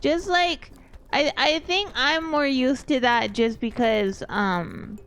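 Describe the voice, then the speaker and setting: A woman from East Texas chats on her stream, drifting from point to point as she thinks aloud. Her voice sits a little high and comes through smooth and clear. She takes her time, with unhurried pauses. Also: fairly bright tone. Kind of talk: casual stream chat.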